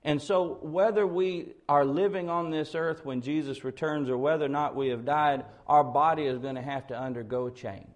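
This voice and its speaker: A man preaching an expository sermon, building to loud, slowed, emphatic peaks on key words. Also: on the high side, steady tone.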